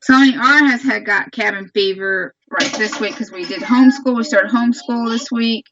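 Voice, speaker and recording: Southern mother hosting a homey live chat; slightly high voice with vocal fry, recorded on a dull, distant phone mic. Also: normal speed, a crowd in the background. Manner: chatty, homey, talks to the kids between remarks. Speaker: homesteading channel host, mother. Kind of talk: casual live-stream chat.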